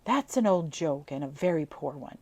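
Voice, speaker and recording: A woman's voice: deep voice, lively intonation, normal speed, dark tone. A woman reading aloud, giving voice to a sassy nineteen-year-old girl who teases in a cool, mock-innocent way. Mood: teasing.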